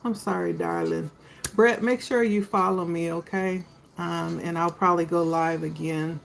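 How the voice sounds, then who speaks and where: Lady doing a tarot livestream, chatty, says hi to folks by name, kinda fry-ey voice. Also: fairly low pitch, fairly even intonation, normal speed, low-quality recording. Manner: chatty, talks to viewers by name. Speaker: tarot reader hosting a live stream. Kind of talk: casual live-stream chat with viewers.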